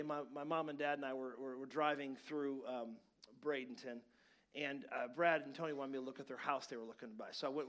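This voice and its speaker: A man in his forties preaching a sermon, telling a personal story with lively swings between hushed and loud moments. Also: mid-range voice. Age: 40s. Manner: animated storytelling, acts out quarrels with sudden loud outbursts. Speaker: pastor.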